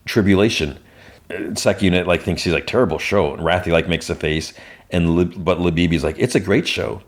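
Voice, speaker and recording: There's a slight hiss or hum as a man with a very low, deep voice rambles through a TV episode recap on his podcast. His delivery is easy and conversational, with frequent restarts and quick quoted bits of dialogue from the characters.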